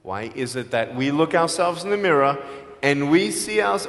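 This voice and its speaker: A man with an Australian accent giving a live motivational speech, telling his story emphatically and swinging between loud and hushed. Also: on the high side, lively intonation, normal speed. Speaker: motivational speaker. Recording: long hall reverb.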